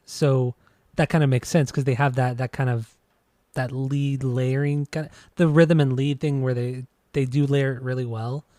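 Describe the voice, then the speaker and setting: A man's voice: medium pitch, flat delivery, moderate pace, dark tone, no room sound, studio quality. A man co-hosting a podcast who reviews music in rambling, enthusiastic casual chat. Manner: rambling, enthusiastic, apologetic restarts. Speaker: podcast co-host.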